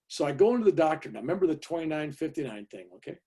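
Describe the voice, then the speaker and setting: A husky-voiced man in his seventies, from California, tells a long personal story to an audience. He speaks in a fairly high register and keeps checking in with his listeners with an easy "right?" and "you know". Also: big pitch swings, rapid-fire, warm tone. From California, USA. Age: 70s. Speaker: guest speaker.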